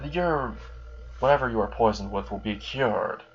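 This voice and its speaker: A man's voice: lowish voice, moderate pace, a little hiss or hum, lightly acted. A man putting on a sly, taunting demon. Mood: dealmaking. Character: amused, menacing male demon in a suit. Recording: dull lo-fi recording.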